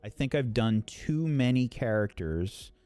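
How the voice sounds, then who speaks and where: Lively game master, mid-pitched, very dry close sound, thoughtful and sweary. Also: male voice, unhurried, no echo. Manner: animated, reflective, swears. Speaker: game master and show regular. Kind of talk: casual podcast chat.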